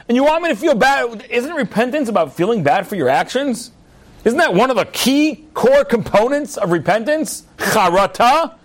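Lively high-voiced man teaching Torah. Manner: reads Hebrew sources and translates, acts out voices, rhetorical questions. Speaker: rabbi teaching a class. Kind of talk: animated Torah class with humor.

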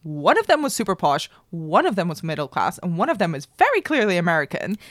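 Lively, opinionated woman host. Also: on the low side, quick pace, no room sound, clean studio sound. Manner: enthusiastic, opinionated. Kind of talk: casual chat.

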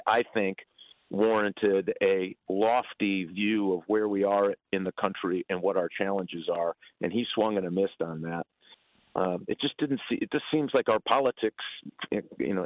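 A middle-aged man calling in as a guest for a radio interview, speaking in a measured, plain-spoken way. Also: fairly low pitch, dry recording. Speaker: guest on the phone. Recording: tinny phone line.

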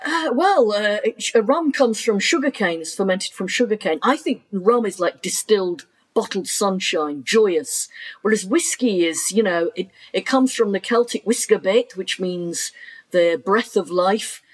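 Husky-voiced woman guest co-host. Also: medium pitch, animated, unhurried. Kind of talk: casual podcast chat.

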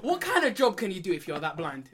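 A man chatting casually about football with friends, slangy and quick, often saying bro and man. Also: high voice, wildly swooping pitch, crowd noise. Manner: rapid, slangy, says bro and man, laughs. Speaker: podcast co-host.

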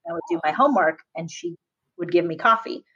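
A woman's voice: lowish voice, brisk, sharp tone, slightly rough, highs cut off. A young woman, a public school teacher, answering interview questions casually with lots of fillers and frequent laughter. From Southern California. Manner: chatty, laughs often, many fillers.

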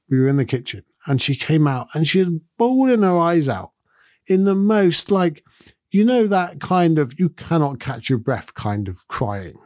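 A man's voice: fairly high pitch, a little mellow, no room sound, clean studio sound. A middle-aged man, a podcast host, giving a thoughtful and earnest reflective monologue in a conversational way.

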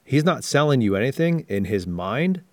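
A man co-hosting a casual sales-training podcast, who explains ideas in steady, reflective points. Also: mid-range voice, normal speed, no echo. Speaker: podcast co-host.

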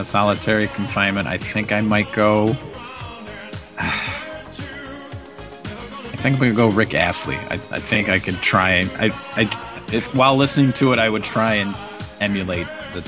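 A man's voice: on the low side, normal speed, music in the background. A man giving a hesitant, stammering interview answer. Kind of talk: casual street interview answer.

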